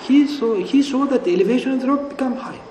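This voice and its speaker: A man slowly telling a folk tale in an echoey room. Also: extremely high pitch, darkish tone, a little hiss or hum. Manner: slow and explanatory, checks in with the listener. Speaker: storyteller. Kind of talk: oral retelling of a folk tale. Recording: echoey room with long reverb and faint ambience.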